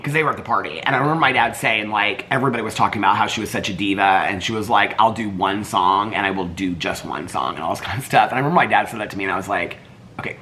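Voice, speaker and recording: Slightly congested from allergies, this older man chats in a vlog, rambling, laughing and breaking into singing now and then. His voice is mid-range, pushed and bright.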